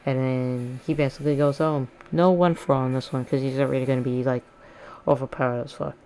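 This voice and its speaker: Low-voiced woman rambling through a story. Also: fairly even intonation, a little fast, a little mellow, a little hiss or hum. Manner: rambling, jokey, self-correcting. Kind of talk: casual fan-fiction retelling.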